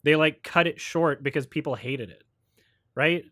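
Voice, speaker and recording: A man's voice: fairly high pitch, normal speed, bright, forceful tone, no echo, clean studio sound. A man hosting a livestream, ranting about films in a sarcastic, profane way and mocking people with put-on quotes. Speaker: host. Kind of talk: livestream film review chat.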